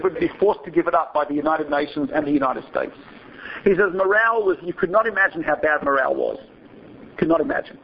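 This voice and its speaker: A man's voice: high-pitched, breathy edge, dull audio. A man giving a talk to an audience, telling a story in a conversational way and often checking in with "right?". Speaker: speaker.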